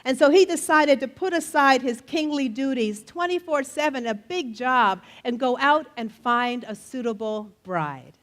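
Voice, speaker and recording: A middle-aged woman telling folktales live in a festival tent, playful and animated, joking with the audience and leading them in refrains. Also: high voice, measured pace, hardly any pauses. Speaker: storyteller. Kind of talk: live storytelling performance. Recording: faint audience crowd behind. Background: faint crowd of listeners.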